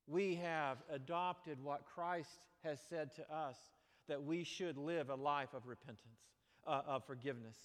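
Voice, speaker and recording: A man preaching in a large church with a fairly high voice, his words trailing into a long hall reverb. He moves between bright, emphatic bursts and low, earnest stretches as he preaches. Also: a little slow. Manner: animated preaching with sudden loud exclamations and drops to quiet. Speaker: pastor. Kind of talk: sermon.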